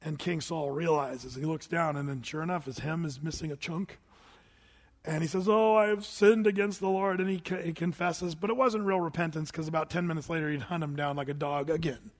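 A male pastor preaching a sermon, telling the story in an animated way that swings between loud and hushed, with humorous asides. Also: fairly high pitch, a little fast, in a large hall.

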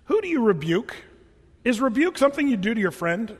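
A man preaching a sermon as pastor in a relaxed, chatty way and often restarting his sentences. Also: very high voice, a little fast, husky. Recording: long hall reverb.

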